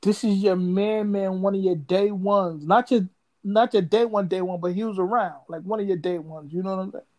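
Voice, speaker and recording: A man's voice: high voice, fairly even intonation, normal speed, a little mellow. A man co-hosting a podcast in casual chat, rambling and repeating words, full of slang. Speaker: podcast co-host.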